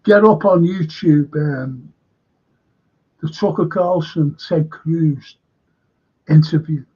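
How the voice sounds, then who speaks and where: A man's voice: a little high, takes it slowly, mellow, breathy edge. A man with a Liverpool accent hosting a casual livestream as a historian, chatting in a rambling way, swearing freely and reading out viewer comments. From Liverpool, England. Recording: dull lo-fi stream audio.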